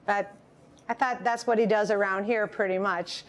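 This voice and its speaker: A woman from Wisconsin introducing a video about her brother in an unhurried way, with many fillers. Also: mid-range voice, steady tone. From Wisconsin, USA. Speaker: restaurant owner introducing video. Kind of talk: casual introduction.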